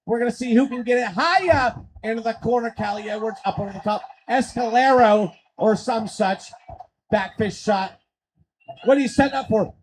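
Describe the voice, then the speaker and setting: A man calls wrestling play-by-play on a live stream, excitable and full of swearing, often bursting into shouts. His speaking voice sits very high. A faint hum runs behind him. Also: normal speed, low-quality recording. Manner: excitable, profane, swings into shouting. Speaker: play-by-play commentator.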